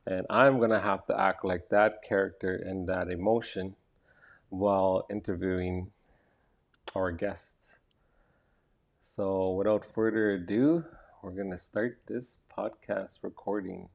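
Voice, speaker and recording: Man, live-stream host, somewhat low, gravelly, casual, hesitant with fillers, indoors. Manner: halting, many fillers and restarts. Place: indoor arts creation center.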